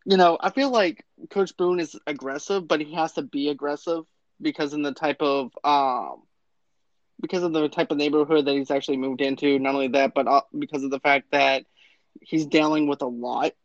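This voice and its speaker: A man's voice: on the high side, steady tone, moderate pace, dry recording. A man casually discussing a movie in conversation, leaning on fillers like "actually" and "and everything". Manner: conversational, repeats "and everything", "actually", "though, too". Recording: dull lo-fi recording.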